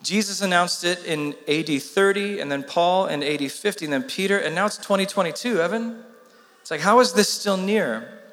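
A man's voice: sits high, brisk, a bit bright, big-room sound. A man preaching a sermon with urgent emphasis, asking the congregation rhetorical questions. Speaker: pastor.

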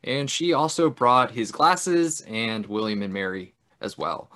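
A man in casual podcast chat, retelling a film's plot with frequent laughs and quick character impressions. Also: medium pitch, lively intonation, fairly bright tone. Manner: chatty, laughs often, mimics characters in big voices. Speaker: podcast co-host. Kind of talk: casual film recap chat.

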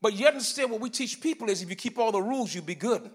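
A male pastor delivers an animated sermon in a high, lively voice. He shifts between shouted emphasis and soft, explanatory asides. The sound rings with long reverb from a church hall. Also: fast, slightly rough. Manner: animated preaching, swinging between loud emphatic bursts and quiet teaching. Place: church sanctuary.

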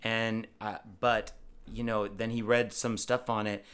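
A man's voice: fairly low pitch, little pitch movement, measured pace, a bit bright, clear, resonant tone. An American man co-hosting a podcast, chatting casually and enthusiastically, often restarting his sentences. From United States. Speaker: podcast co-host. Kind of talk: casual chat.

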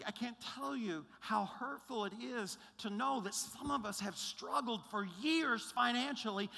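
A man's voice: high-pitched, bright, forceful tone. A male pastor preaching a sermon in an emphatic, conversational way, often checking in with his listeners. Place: large church auditorium. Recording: long reverb of a large hall.

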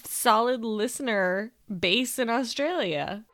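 A woman's voice: on the high side, animated, slow pace, fairly bright tone, dry recording, studio quality. A woman co-hosting a podcast in casual chat, self-deprecating and giggly. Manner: self-deprecating, giggly, tries silly accents. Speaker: podcast co-host.

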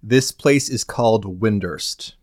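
Man, podcast co-host, wry storyteller with deadpan punchlines, dry close mic. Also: fairly low pitch, slow, no room sound. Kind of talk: casual chat recapping a game.

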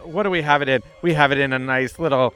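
A man's voice: mid-range voice, steady tone, fast, pushed and bright, clean tone, soft background music. A man in his thirties co-hosting a podcast in a busy tiki bar, joking and laughing often in casual chat. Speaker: podcast co-host.

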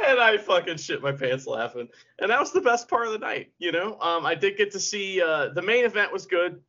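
A man co-hosts a casual podcast, spinning stories with lots of laughter and cursing. His voice sits a bit high and is bright, with a very lively, swooping delivery. The audio is somewhat dull and lo-fi. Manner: animated, laughs often, swears freely. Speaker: podcast co-host. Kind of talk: casual chat, storytelling.

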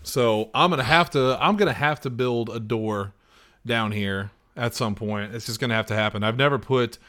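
A man's voice: mid-range voice, moderate pace, bright, forceful tone. A man playing a tabletop game, talking casually and swearing freely. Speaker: player. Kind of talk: casual chat.

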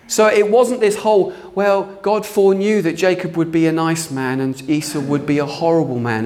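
A man preaching a sermon, emphatic and exclamatory, breaking often into hallelujahs and amens. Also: sits high.

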